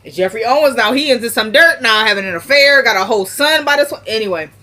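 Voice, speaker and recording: A woman's voice: on the high side, lively intonation, fast talker, bright, forceful tone. Woman recapping an episode, casual chat, acts out each character's lines. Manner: retells scenes, acting out quoted lines.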